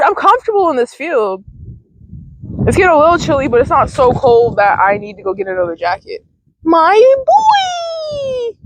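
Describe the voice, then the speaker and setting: A woman's voice: a little high, background noise. A young woman vlogging outdoors in a field, giving casual mindfulness advice in a chatty, rambling way with casual swearing, recorded on a handheld phone. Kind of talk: casual rambling self-help talk.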